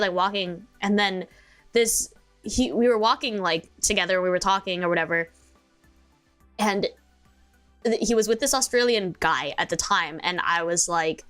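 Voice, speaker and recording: Young streamer, high voice, chatty rambler with giggles, faint music. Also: female voice, a bit bright. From United States. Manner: rambling storytelling, full of fillers and giggles. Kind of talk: casual chat.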